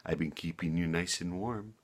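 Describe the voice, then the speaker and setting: A man voicing a gentle, patient mother robin in a storybook tale, coaxing softly in a lowered voice. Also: normal speed. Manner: soft, low, coaxing.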